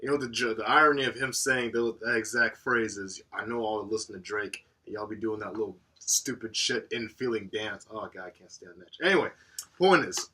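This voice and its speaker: A man co-hosting a podcast in casual chat, profane and animated, laughing often. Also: lowish voice, a little fast, breathy edge. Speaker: podcast co-host.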